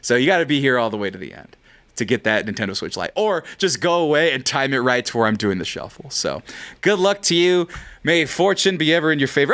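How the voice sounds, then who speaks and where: Male podcast host, fairly high voice with a bouncy, swinging delivery, loose and jokey. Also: very animated, brisk, fairly bright tone. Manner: rambling, jokey, swears casually. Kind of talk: livestream prize giveaway announcements.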